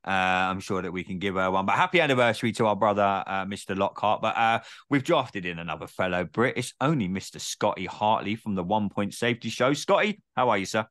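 Man hosting a podcast, low voice. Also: expressive, brisk, hardly any pauses, fairly bright tone, dry recording, clean studio sound. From Britain. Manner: chatty, swears casually, many "uh" fillers. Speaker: podcast host. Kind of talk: casual sports podcast chat.

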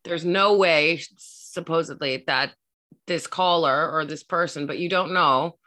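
Blunt, bright-voiced woman co-host. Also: sits low, a little slow. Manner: opinionated and blunt, swears freely. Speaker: podcast co-host. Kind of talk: casual film-recap chat.

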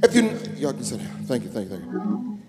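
A man preaching a sermon as bishop, calling to the congregation and rising into sung shouts. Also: mid-range voice, wildly swooping pitch, fairly quick. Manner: call-and-response preaching, building to sung shouts. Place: church sanctuary. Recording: echoey church hall with music.

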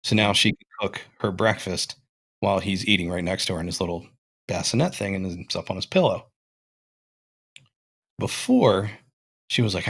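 A man's voice: sits low, expressive, moderate pace, gravelly, pauses often, a bit bright, breathy edge. A young man hosting a casual podcast, thinking aloud as he talks, with frequent restarts and fillers. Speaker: podcast host.

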